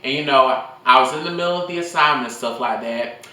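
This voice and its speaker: A man's voice: medium pitch, fairly quick, echoey room, far from the mic. A young man telling school stories in a casual vlog, rambling and swearing freely into his phone. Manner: rambling, profane, animated storytelling.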